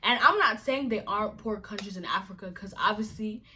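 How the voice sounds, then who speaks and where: A woman's voice: medium pitch, fairly quick, bright, forceful tone, slight background noise. A woman from Nigeria vlogging to camera, exasperated and emphatic, firing off repeated rhetorical questions. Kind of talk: casual to-camera rant.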